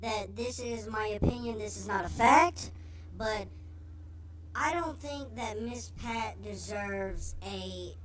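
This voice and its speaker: A man through a high pitch-raising voice filter. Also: crowd noise, low-quality recording. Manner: slow, hesitant, opinionated. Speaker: livestream host reviewing a TV show.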